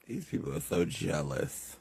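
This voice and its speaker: A man's voice: extremely low pitch, very animated, a little slow, gravelly, darkish tone, breathy edge, dry recording. A man delivering a heated, indignant rant to the camera, scolding and swearing. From United States. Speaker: social media commentator.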